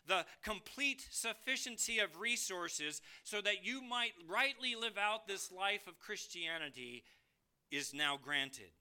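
A man preaching a sermon from the pulpit, moving between emphatic rises and soft low drops, asking the congregation questions. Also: lively intonation, a little slow, clear, resonant tone. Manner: addresses listeners as beloved, asks them questions. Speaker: pastor.

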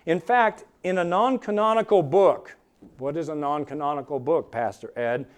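Man, pastor preaching, high voice, smooth and clear, emphatic swells. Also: moderate pace. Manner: emphatic preaching, rising and falling with dramatic emphasis. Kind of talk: sermon.

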